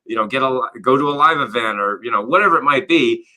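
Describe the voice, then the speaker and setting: Bright-voiced man explaining his method. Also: medium pitch, quick pace. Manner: animated, explains with acted-out quotes and rhetorical questions; frequent "you know" and "right?" fillers. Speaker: guest, business coach and author. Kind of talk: conversational interview.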